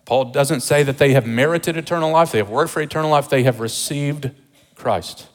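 A pastor preaching a sermon with emphasis, repeating rhetorical questions to the congregation. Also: male voice, medium pitch, moderate pace, in a large hall.

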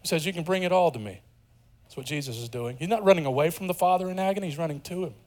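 A man preaching a sermon as pastor, earnest, dropping to a hush and then rising with emphasis. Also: a little high, rapid-fire. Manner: earnest, swings from hushed to emphatic.

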